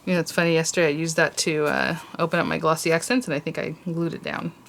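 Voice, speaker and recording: A woman's voice: low-pitched, fairly even intonation, fast, gravelly, a bit bright, a little hiss or hum. A woman hosting a casual crafting tutorial, chatty and gushing over cute details as she works.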